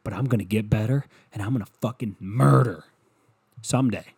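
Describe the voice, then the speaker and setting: A man's voice: fairly low pitch, normal speed, gravelly, a little mellow, slightly rough. A young man hosting a solo comedy podcast, rambling crudely and self-deprecatingly while acting out other people's voices. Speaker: podcast host.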